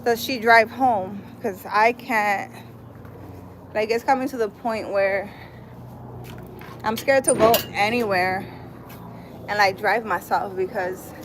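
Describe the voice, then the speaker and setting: Strolling through a city park on a live stream, a woman reads chat and rambles casually, peppering her talk with "like" and "I don't know." Her mid-range voice is fairly even in intonation, and she takes it slowly with long pauses over background noise.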